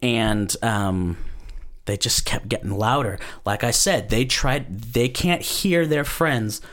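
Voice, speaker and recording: A stand-up comedian appearing as a guest tells a story in casual chat, laid-back and self-deprecating, chuckling often. His voice is mid-range, slow, and a bit bright.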